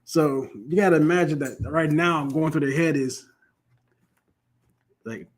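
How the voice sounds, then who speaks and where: A man leading a Bible class, reading verses slowly and then retelling them in loose, slangy everyday talk. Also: fairly high pitch. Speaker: Bible study teacher. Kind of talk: scripture reading and casual explanation.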